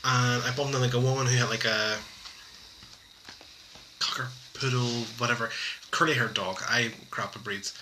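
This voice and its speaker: A man chats casually as a podcast co-host in a mid-range voice. He talks in a relaxed way and often repeats words as he restarts. A steady background noise is clearly audible under him. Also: medium pitch, normal speed, pauses often. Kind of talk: casual chat. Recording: noisy background hiss.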